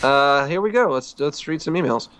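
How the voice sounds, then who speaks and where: A man co-hosting a casual podcast, reading listener emails aloud with quick, easygoing asides. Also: on the high side, expressive, a bit bright, clear, resonant tone.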